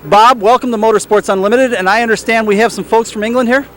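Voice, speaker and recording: A man's voice: high voice, steady tone, a bit bright. A man hosting an outdoor car show interview, joking and teasing his guests. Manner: teasing, fast-talking.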